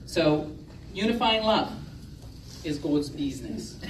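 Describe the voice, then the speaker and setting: Speaking to a gathering of sisters, a woman with a deep, expressive voice at normal speed gives a humorous, self-deprecating talk, often laughing at her own stories. The recording is noisy, captured from far off in an echoey hall.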